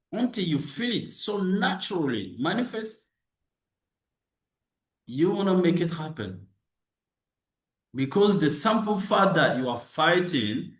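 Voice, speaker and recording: Slow, animated man in an echoey room. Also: on the high side. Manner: repetitive, emphatic, with restarts and rhetorical questions. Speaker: motivational speaker. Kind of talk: motivational monologue.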